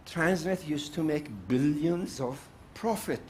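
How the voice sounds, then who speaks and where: A man's voice: on the high side, slow pace, darkish tone, slight background noise. An older man from South Africa speaking at a summit panel, outspoken and emphatic, repeating his points for force. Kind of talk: impassioned summit speech.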